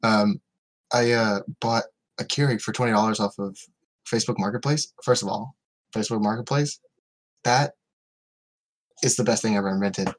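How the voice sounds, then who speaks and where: A man's voice: fairly low pitch, fairly even intonation, normal speed, long pauses. A man co-hosting a casual podcast from home, rambling through stories with restarts and laughs. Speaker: podcast co-host. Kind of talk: casual chat.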